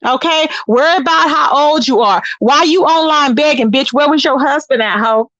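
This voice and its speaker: A woman hosts a livestream and rants in profane, combative bursts, with a high voice that stays pointed and scornful. She turns to her viewers with drawn-out, sassy asides. The sound is dry and close, with no room echo. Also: a bit bright, dull audio. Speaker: livestream host. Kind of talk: ranting livestream commentary.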